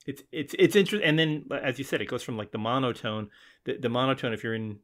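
An American man co-hosting a podcast, talking in a rambling, halting way with many restarts. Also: mid-range voice, fairly bright tone. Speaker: podcast co-host. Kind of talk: casual chat.

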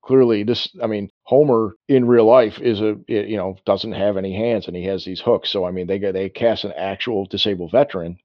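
A man's voice: lowish voice, fairly even intonation, a little fast, hardly any pauses, dry recording, lo-fi sound. Rambling man chatting about a film. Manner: rambling, self-interrupting, acts out quotes. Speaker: podcast co-host. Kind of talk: casual film discussion.

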